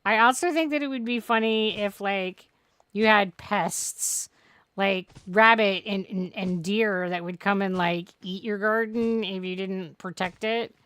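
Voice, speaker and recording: A woman's voice: mid-range voice, unhurried, a bit bright, clear, resonant tone, no room sound. A woman streamer chatting through a farming game, rambling and joking with plenty of swearing. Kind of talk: casual gameplay commentary.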